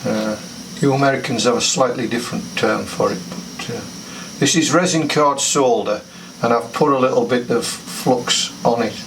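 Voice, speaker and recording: Picked up by a faraway mic with obvious background noise, an older British radio amateur demonstrates building and soldering an antenna, chatting and reasoning aloud. He talks at a normal speed in a medium-pitched voice.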